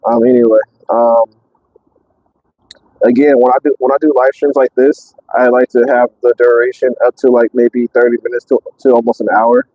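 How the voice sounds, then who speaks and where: A man driving a truck, chatting casually on a live stream, excitable and rambling with many fillers, out of breath. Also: mid-range voice, moderate pace, no room sound, muffled recording. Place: in and around a truck.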